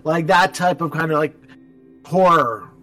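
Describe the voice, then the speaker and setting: A man's voice: fairly high pitch, measured pace, pushed and bright, soft background music. A man from Canada co-hosting a casual movie commentary. He is enthusiastic, restarts his sentences and leans on "like". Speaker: podcast co-host.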